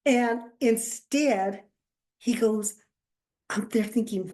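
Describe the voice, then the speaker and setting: Casting: a woman podcast host, animated storyteller who voices the people in her anecdotes, laughs a lot. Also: mid-range voice, moderate pace. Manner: animated storyteller, acts out quotes, laughs often. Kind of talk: casual chat, storytelling.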